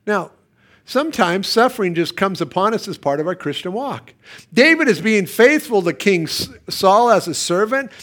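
A middle-aged man preaching a sermon as pastor, swinging between quiet, soft passages and sudden loud, emphatic bursts. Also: high voice.

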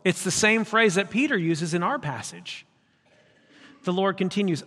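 A man's voice: high-pitched, lively intonation, moderate pace, fairly bright tone. Man preaching in a reverberant church. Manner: emphatic, conversational preaching. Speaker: pastor. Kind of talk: sermon. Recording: long hall reverb.

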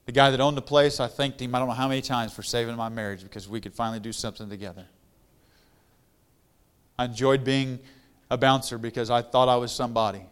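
A middle-aged guest pastor with a smooth, resonant voice at an ordinary pitch for a man. He tells his own story plainly and conversationally, then rises into louder, fervent preaching. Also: steady tone, quick pace. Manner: conversational testimony, grows louder and more fervent when preaching. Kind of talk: storytelling sermon.

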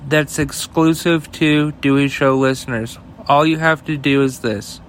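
A man's voice: a little high, fairly even intonation, measured pace, slight background noise. A man hosting his own show, giving blunt, profane commentary on the news and reading sponsor ads in a casual, offhand way. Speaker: host.

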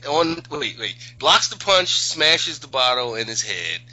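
A man in casual chat who reacts excitably and cuts in to add details. His voice is very bright and sharp and swings widely in pitch, on a slightly dull lo-fi recording. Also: a little slow, dry recording. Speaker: podcast co-host.

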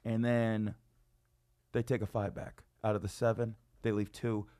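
This time the Las Vegas comedian and podcaster sounds lowish and a little slow. Still, in casual conversation he's an animated storyteller, spinning tales and going off on rants.

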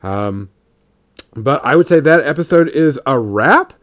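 A man hosting a podcast in a relaxed, joking way, swearing now and then over closing music. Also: medium pitch, unhurried. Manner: loose, joking, swears casually. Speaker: podcast host. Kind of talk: casual chat. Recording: music playing behind.

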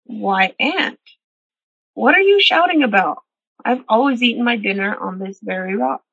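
A woman voicing a hot-tempered male yellow jacket chief who shouts back high and indignant, in a husky, bright voice. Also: normal speed, no echo, highs cut off.

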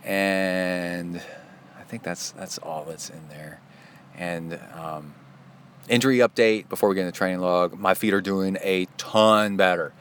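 A middle-aged man hosts a casual podcast monologue in a fairly low voice. He is chatty and self-deprecating, and he drifts into side stories as he goes. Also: steady tone, unhurried, a bit bright, slight background noise. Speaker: podcast host.

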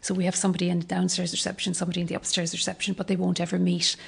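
A woman's voice: on the low side, completely flat delivery, creaky, husky. An Irish woman who runs a clinic, chatting casually with many fillers while giving a tour of the rooms and stairs. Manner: chatty, rapid, full of fillers. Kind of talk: casual chat during a walk-through.

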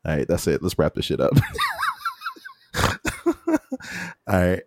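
Man, very low voice, laid-back rambling podcast chat, dry close mic. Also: slow, vocal fry, dry recording. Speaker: podcast co-host.

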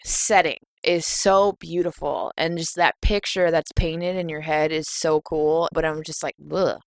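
A woman's voice: sits low, steady tone, unhurried, no room sound. A woman in casual podcast chat reviewing a horror movie, blunt and profane, laughing often. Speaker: podcast co-host.

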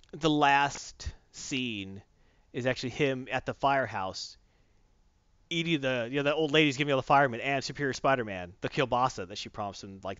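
A man's voice: medium pitch, fairly bright tone, smooth, no room sound. A man casually reviewing a comic book, retelling it in a rambling, enthusiastic way, in a dull lo-fi recording.

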